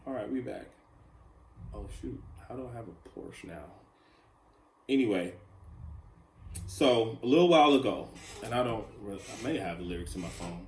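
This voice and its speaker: In a casual solo podcast monologue, a man with a lowish voice rambles loosely and confessionally, leaning on filler words. He's animated, speaks at a normal speed with long pauses, and seems to be in an echoey room.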